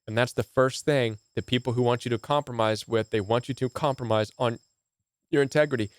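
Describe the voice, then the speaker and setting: Talking fairly quickly in a medium-pitched voice with fairly even intonation, a relationship coach gives emphatic commentary to camera with no echo. He repeats points and frequently asks a rhetorical "right?"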